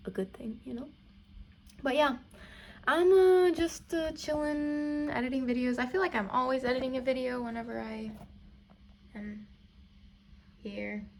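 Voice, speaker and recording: A woman's voice: fairly high pitch, normal speed, gravelly, pauses often. A young woman vlogging casually from a hotel room, chatty and self-mocking, with many fillers. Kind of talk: casual vlog chat.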